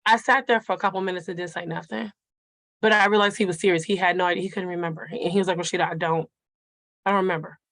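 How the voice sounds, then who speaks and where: A woman's voice: medium pitch, steady tone, very fast, fairly bright tone, no echo. A middle-aged woman, a nurse, sharing a personal story of grief with a group in an earnest, conversational way, speaking directly to her listeners.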